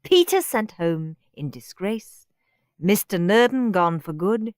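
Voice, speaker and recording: A woman narrating a children's storybook aloud in an expressive, playful way. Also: medium pitch, slow pace, no echo, clean studio sound. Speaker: audiobook narrator.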